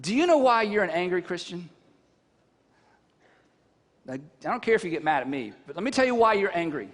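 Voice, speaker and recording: A man preaching a sermon, telling the story with animated, conversational flair and putting rhetorical questions to his listeners. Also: sits high, fairly quick. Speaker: pastor. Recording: long reverb from a large hall.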